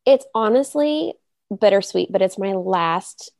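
A woman co-hosting a podcast in an earnest, chatty way, her voice dark and mellow with a gravelly fry. The sound is dry and close, with no room around it. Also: mid-range voice, lively intonation, measured pace, no echo. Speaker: doula podcast co-host. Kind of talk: casual podcast chat.

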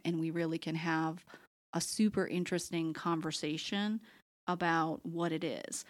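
A middle-aged woman, a therapist hosting a podcast, explaining a concept conversationally and acting out quoted phrases. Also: fairly low pitch. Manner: acts out quoted phrases in a shifting voice.

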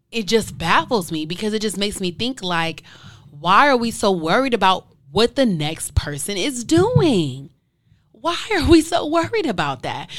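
On her own podcast, a woman with a mid-range, fairly bright voice delivers a casual monologue with no echo. Heartfelt and emphatic, she addresses listeners directly and fires off one rhetorical question after another.

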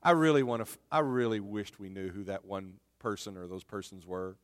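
A man's voice: on the low side, steady tone, fairly quick. Man preaching in a reverberant hall. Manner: conversational preaching, repeats words. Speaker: pastor. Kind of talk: sermon. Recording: long reverb of a church hall.

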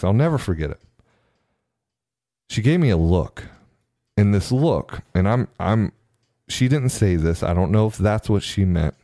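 A man earnestly telling a personal story in a halting way, often repeating his words. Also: low voice, warm tone, no echo, clean studio sound. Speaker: storyteller sharing his experience.

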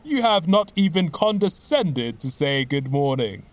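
A man reading an audiobook, voicing a brisk, cool-headed middle-aged detective with a dry, measured manner. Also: fairly high pitch, sing-song. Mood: urgent.

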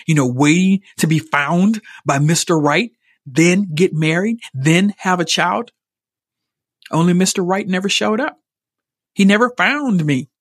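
A middle-aged woman hosting a podcast, speaking openly and earnestly about a personal experience, emotionally expressive and at times repeating herself when moved. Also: on the low side, no echo, studio quality. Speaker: podcast host. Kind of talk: personal reflective monologue.

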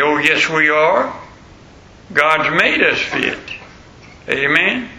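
Gravelly, sharp-voiced male pastor preaching. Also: on the high side, expressive, slow. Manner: emphatic, repeats phrases for stress. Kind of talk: sermon. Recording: roomy echo.

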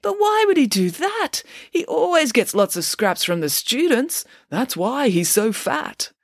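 A woman's voice: sits high, very animated, a little slow, dry recording, studio quality, voice pushed up, heavily acted. A woman doing a nervous hapless schoolboy. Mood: amazed. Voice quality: timid, hesitant.

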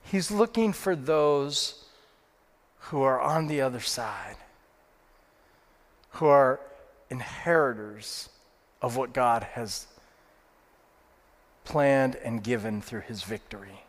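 Pastor preaching in a reverberant hall. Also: male voice, mid-range voice, expressive, slow pace, long pauses. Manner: storytelling with repeated phrases and fillers. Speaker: lead pastor. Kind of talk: sermon.

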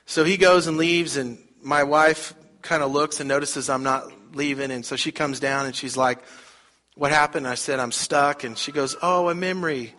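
A man's voice: mid-range voice, little pitch movement, normal speed, few pauses, bright, forceful tone. A middle-aged man preaching a sermon, telling a story conversationally and putting rhetorical questions to the congregation. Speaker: pastor.

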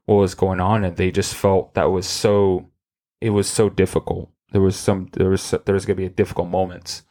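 A man's voice: sits low, flat delivery, fairly quick, mellow. A man hosting a podcast, talking in a rambling, profane way with many restarts. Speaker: podcast host. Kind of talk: casual chat.

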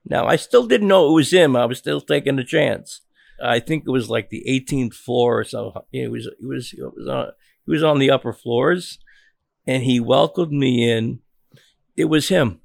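Creaky-voiced older American man recalling. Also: medium pitch, no echo, clean studio sound. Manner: halting, repeats words and restarts. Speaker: journalist guest. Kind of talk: interview storytelling.

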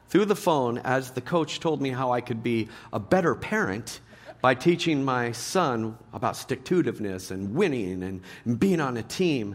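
A middle-aged man preaching a sermon to a live church audience, joking and animated, swinging between loud punchlines and hushed earnest points. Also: mid-range voice. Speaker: pastor.

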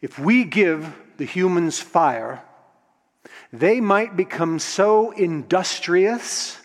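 A man doing an arrogant, vengeful king of the gods who speaks in slow, weighty proclamations, his voice pitched a touch high and pushed louder. It rings with a long hall reverb, as in a large echoing room. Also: exaggerated voice.

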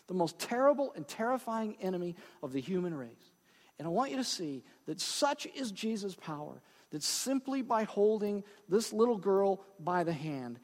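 A man's voice: high-pitched, a little mellow, long reverb tail. A male pastor preaching a sermon in a conversational way, with frequent asides and check-ins with the congregation.

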